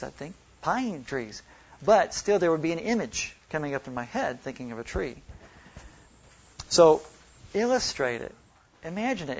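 A man from Oklahoma and Texas teaching a Bible study workshop, who slows down to stress single words when he reads scripture. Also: fairly high pitch, vocal fry, highs cut off.

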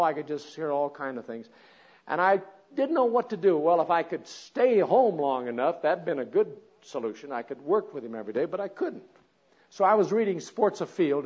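A man with a slightly higher voice than most tells a folksy sermon story in a plain, chatty way. Now and then he bursts into loud, animated exclamations. The recording sounds dull and lo-fi. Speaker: speaker at a women's gathering.

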